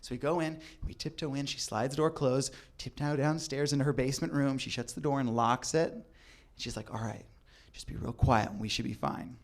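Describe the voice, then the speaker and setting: A young adult man telling a comedic true story, animated and acting out the people in it. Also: mid-range voice, a little fast, creaky. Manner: animated, acts out voices in quotes.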